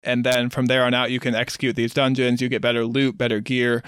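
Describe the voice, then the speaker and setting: Smooth-voiced explaining podcast co-host man. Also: medium pitch, level tone, a little fast, a bit bright, dry recording, clean studio sound. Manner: explanatory, walks through details. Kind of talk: casual chat.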